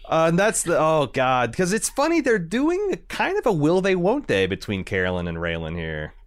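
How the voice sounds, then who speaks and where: A man co-hosting a casual TV recap podcast, animated and swearing freely as he riffs. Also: fairly high pitch, moderate pace, no echo, studio quality. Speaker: podcast co-host.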